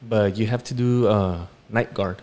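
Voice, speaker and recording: A man co-hosting a podcast, telling a story in a relaxed, rambling way with many fillers. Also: lowish voice, normal speed. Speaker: podcast co-host. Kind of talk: casual storytelling chat.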